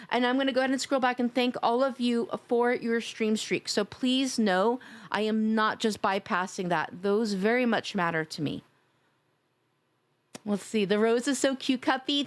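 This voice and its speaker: Woman streamer w a slightly high voice, gushy and playful, chatting with chat on a desk mic. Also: moderate pace. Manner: gushing, playful, reads chat aloud. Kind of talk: casual live-stream chat with viewers.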